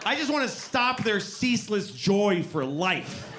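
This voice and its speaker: Deadpan stand-up man on stage. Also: high-pitched, unhurried, noisy background. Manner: deadpan, exasperated, talks back to a heckler. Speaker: stand-up comedian. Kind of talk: stand-up set. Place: comedy club stage. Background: audience laughter.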